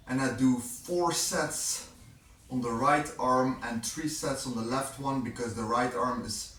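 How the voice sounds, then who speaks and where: Man, fitness vlog, slow plain explaining, a bit out of breath, far from the mic, roomy echo. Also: mid-range voice, a bit bright. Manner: plain, explains his training step by step. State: out of breath after sets. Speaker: fitness vlogger. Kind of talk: casual workout vlog. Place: gym, indoors. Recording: echoey room, voice from far off, clear background noise.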